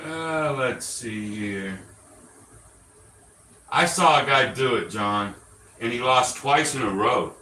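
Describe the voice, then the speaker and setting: Slow-talking blunt, profane man. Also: medium pitch, sharp tone, a little hiss or hum. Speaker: gambling show host. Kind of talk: casual instructional talk. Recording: roomy, distant mic, faint ambience.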